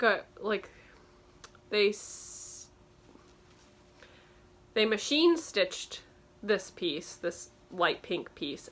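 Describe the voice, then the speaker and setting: A woman's voice: medium pitch, fairly bright tone. A woman vintage clothing reseller giving a chatty show-and-tell tutorial, explaining details with frequent ums.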